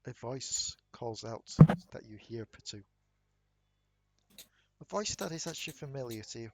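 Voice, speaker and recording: A man narrating a tabletop game as game master, in a measured, atmospheric way. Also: medium pitch, animated, fairly bright tone, a little hiss or hum.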